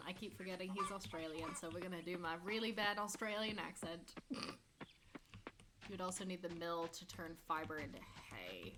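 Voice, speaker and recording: A woman's voice: lowish voice, lively intonation, normal speed, very noisy. A woman streaming a farming game, rambling and thinking aloud with self-mocking asides. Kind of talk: casual gameplay commentary. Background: game music.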